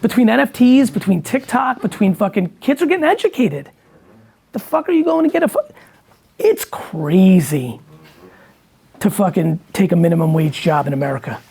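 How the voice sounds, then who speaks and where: A man's voice: high-pitched, animated, moderate pace, gravelly, warm tone, slightly rough. A man in casual conversation, talking bluntly and emphatically with lots of swearing. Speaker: guest entrepreneur.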